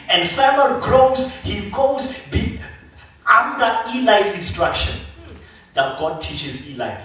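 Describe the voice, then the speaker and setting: Animated preacher in an echoey church. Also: male voice, high voice, takes it slowly. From South Africa. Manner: animated storytelling, acting out biblical figures. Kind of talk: sermon. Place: church sanctuary. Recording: echoey church hall from far off.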